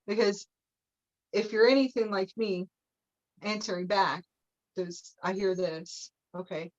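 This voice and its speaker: A woman's voice: medium pitch, steady tone, measured pace, lo-fi sound. A woman leading a live spiritual teaching session, meandering through her points, often checking in with "okay?" and breaking into playful laughter.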